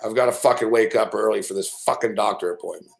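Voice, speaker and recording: A man's voice: fairly low pitch, fast talker, creaky. A man hosting a late-night sports betting show, ranting casually and swearing constantly as he rambles. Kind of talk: late-night live stream rant.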